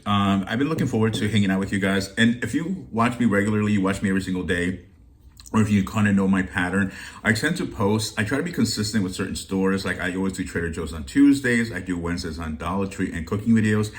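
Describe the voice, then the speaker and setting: Chatty low-voiced man vlogging. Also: fast. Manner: chatty and rambling, warm greetings. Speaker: shopping deals vlogger. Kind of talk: casual chat to viewers.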